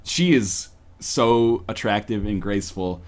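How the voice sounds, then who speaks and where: A man's voice: fairly low pitch, a little slow. A man co-hosting a podcast, reading a romance story aloud with joking asides. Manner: animated, breaks off for joking asides. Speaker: podcast co-host.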